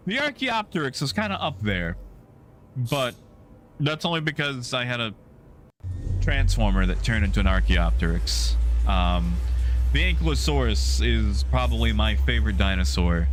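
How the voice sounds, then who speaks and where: A male game streamer chatting casually with his live viewers in a rambling, easygoing way with many fillers. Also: fairly low pitch.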